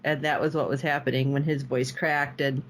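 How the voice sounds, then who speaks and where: A woman co-hosting a podcast, talking about a TV episode in an animated, emotional way. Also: a bass voice, normal speed, slight background noise. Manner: animated, emotional, laughing often. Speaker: podcast co-host. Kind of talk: casual episode recap chat.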